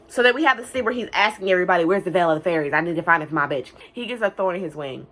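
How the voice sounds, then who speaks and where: A woman's voice: fairly low pitch, animated, fairly bright tone. Chatty young woman reviewing a movie. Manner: chatty, profane, many "like" fillers; quick bursts of mock-singing and silly character voices. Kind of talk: casual film recap vlog.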